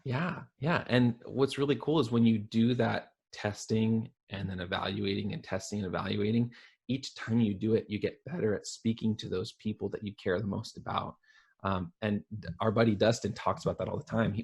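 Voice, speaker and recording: A man's voice: lowish voice, fairly even intonation, a little fast, vocal fry, husky. A man guesting on a podcast, talking casually and earnestly, building his points through repetition. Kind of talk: casual conversational chat.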